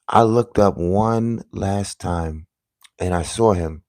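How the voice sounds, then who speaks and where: A man earnestly telling viewers about a vivid dream in a casual, halting way, dropping to a hush at the tense parts. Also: low voice, no room sound. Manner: earnest, halting, drops to a hushed voice at tense moments.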